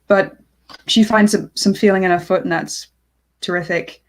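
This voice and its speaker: A woman's voice: lowish voice, steady tone, normal speed. A woman co-hosting a casual film chat, recounting the plot dryly with many hesitant fillers. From Britain. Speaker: co-host.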